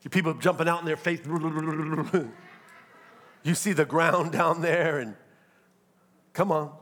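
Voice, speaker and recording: A pastor, preaching a sermon with humor and acted-out asides. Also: male voice, on the high side, fairly even intonation, takes it slowly, fairly bright tone.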